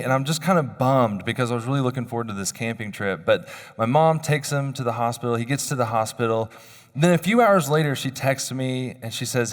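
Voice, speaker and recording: Speaking a little fast at medium pitch, a chapel speaker in his thirties shares personal stories, conversational and self-deprecating. The university chapel hall wraps his sermon in long reverb.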